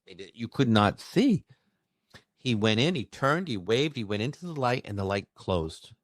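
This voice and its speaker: A man who works as a medium, telling a personal story in an expressive, emphatic way during a conversation. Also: fairly low pitch, no room sound, clean studio sound. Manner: expressive, emphatic, with bursts of fast speech. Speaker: medium recounting his experiences.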